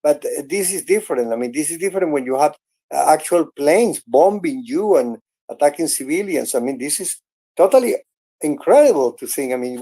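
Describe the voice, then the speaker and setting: A man speaks earnestly in halting stops and restarts. His voice sits a little high for a man, with a mellow, dark tone and a gravelly edge. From Venezuela. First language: Spanish. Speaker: host. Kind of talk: casual chat in an online audio room.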